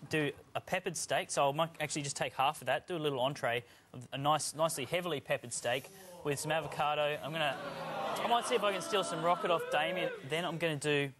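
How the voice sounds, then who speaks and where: A chef thinks aloud as he lays out his dishes on a studio cooking show. The man's voice sits slightly high and stays easygoing. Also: fast, fairly bright tone, slight background noise. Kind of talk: explaining a menu on a studio show.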